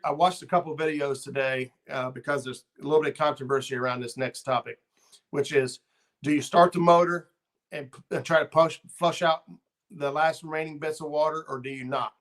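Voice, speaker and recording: A man's voice: fairly high pitch, steady tone, moderate pace, a bit bright. A middle-aged man hosting a fishing channel livestream, chatting casually and rambling with lots of ums and uhs as he reads viewer comments.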